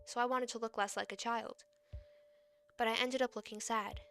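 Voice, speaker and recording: A woman's voice: fairly high pitch, fairly even intonation, moderate pace, fairly bright tone. An eighteen-year-old woman VTuber in casual, rambling chat on a desk mic. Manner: rambling, chatty.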